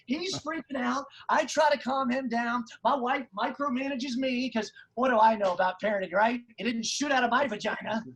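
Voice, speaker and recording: A man performing a stand-up comedy set over a video call, telling fast, exasperated family stories with crude punchlines. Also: very high voice, a bit bright, low-quality recording.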